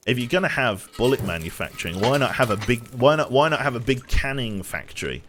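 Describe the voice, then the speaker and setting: A man's voice: mid-range voice, animated, brisk, fairly bright tone, a little hiss or hum. A young man with a Brummie accent giving casual, rambling commentary while streaming a survival game, swearing casually and restarting his sentences.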